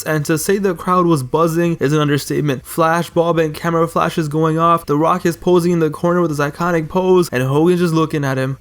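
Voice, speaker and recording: A man with a somewhat high-pitched voice narrates a video essay voice-over. He tells the story the way a fan would, casual and conversational, dropping in slangy asides.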